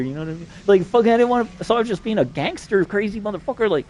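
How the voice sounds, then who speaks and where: Man, rapid-fire profane storyteller, slightly high voice, faint noise under the recording. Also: expressive, a little mellow. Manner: profane, rambling, fast-talking. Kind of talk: rambling personal storytelling.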